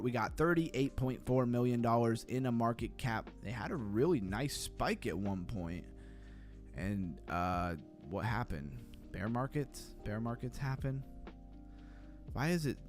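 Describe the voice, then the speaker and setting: A man's voice: mid-range voice, darkish tone. A man hosting a livestream, giving blunt, skeptical commentary and reacting to viewer comments in a casual chat. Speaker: crypto livestream host.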